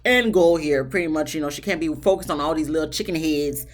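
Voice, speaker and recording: A woman's voice: low voice, a little fast. Chatty woman recapping a reality episode. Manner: chatty and slangy, talks straight to viewers. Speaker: TV show reviewer.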